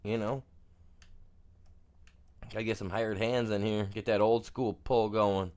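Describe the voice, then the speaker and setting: Male streamer with a lowish voice, loose and joking, talking to viewers through gameplay. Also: steady tone, measured pace, long pauses, a little mellow, soft background music. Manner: rambling and jokey, says "man" constantly. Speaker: game streamer. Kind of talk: casual gameplay commentary.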